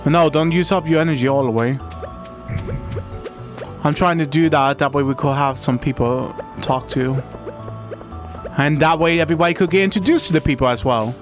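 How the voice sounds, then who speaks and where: A man's voice: fairly high pitch, moderate pace, long pauses, music in the background. A man doing casual, rambling game commentary who swears often and talks straight to his viewers. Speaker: gamer. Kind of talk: casual let's-play commentary.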